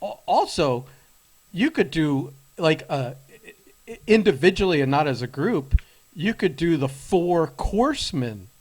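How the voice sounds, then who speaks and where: A man's voice: on the high side, sing-song, a little slow, darkish tone. Enthusiastic, rambling male podcast co-host. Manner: enthusiastic, rambling, swears casually. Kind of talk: casual chat.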